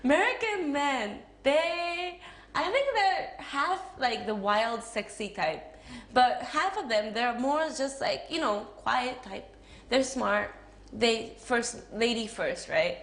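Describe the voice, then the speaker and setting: This interviewee is a young actress with a Japanese accent whose voice runs high, fairly bright and lively in intonation, delivered at a slow pace. She talks casually, filling her answers with giggles and fillers, in an echoey room with faint noise.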